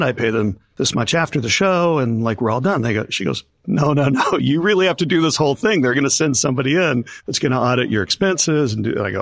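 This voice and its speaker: A man's voice: medium pitch, gravelly, a bit bright, no room sound. An older man, a concert promoter, telling stories in an interview and acting out the voices of people he quotes. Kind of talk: storytelling in an interview.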